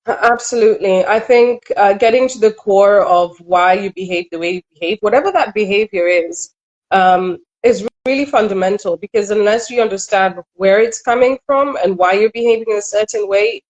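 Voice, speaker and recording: A middle-aged relationship coach from Kenya talks in an interview with candor and reflection, earnest throughout and adding quick asides. Her voice is medium in pitch with a darkish tone, captured in a rough recording.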